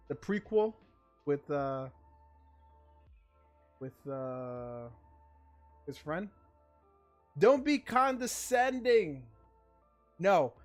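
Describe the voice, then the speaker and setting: A man hosting a livestream in casual chat, his voice sitting a bit higher than most men's. He rants with blunt, profane emphasis, and soft music plays faintly behind him. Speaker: livestream host.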